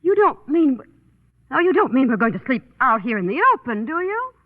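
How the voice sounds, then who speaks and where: An actress playing a spoiled, petulant young heiress in a 1930s radio drama, complaining and sulky. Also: female voice, sits high, big pitch swings, brisk. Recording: tinny old radio broadcast.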